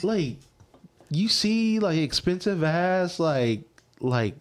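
A man in casual podcast chat, talking in a giddy, halting way with drawn-out words. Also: high voice, very animated, noisy background.

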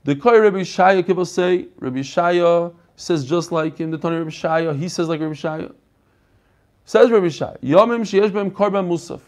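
A man teaching an online Talmud class over a video call, animated and quizzing his students. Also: fairly high pitch, normal speed. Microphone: computer mic on a video call.

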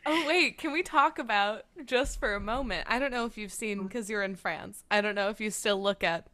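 Brief: bright-toned woman in her twenties from the Midwest, frank, swears and laughs, casual co-host. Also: medium pitch, normal speed. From American Midwest. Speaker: podcast co-host. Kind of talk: casual chat.

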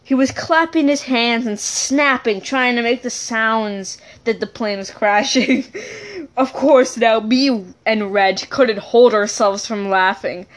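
Woman telling a funny story, kinda high voice, slow and giggly, rambles a lot. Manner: giggly, keeps breaking into laughter; rambling, self-correcting asides. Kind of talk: casual personal storytelling.

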